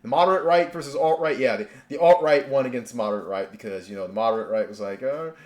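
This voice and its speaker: Man ranting casually, sarcastic, rambling, mid-pitched voice. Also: fast talker. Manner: rambling, sarcastic, many restarts. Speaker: commentary channel host. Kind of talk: casual reaction rant.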